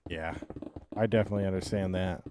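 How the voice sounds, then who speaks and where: A man's voice: low voice, fairly even intonation, quick pace, noisy background. A young man streaming live, chatting casually with viewers and thinking aloud in a loose, rambling way that often trails off.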